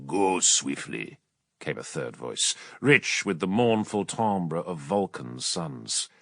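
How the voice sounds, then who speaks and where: Male audiobook narrator, dramatic, very animated pitch, dry close sound. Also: slow, gravelly, no echo. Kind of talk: scripted narration.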